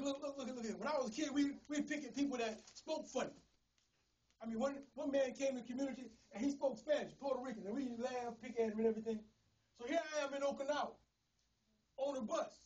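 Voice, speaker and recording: Pastor man, high voice, folksy storytelling sermon, kinda far from the mic in a church. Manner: folksy storytelling, laughing, repeats words.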